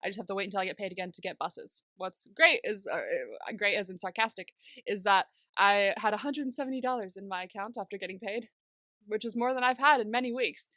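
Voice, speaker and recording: Bright, excitable young woman podcaster. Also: medium pitch, fairly quick, dry recording, clean studio sound. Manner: excitable, swears freely, laughs often. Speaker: podcast co-host. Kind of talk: casual chat.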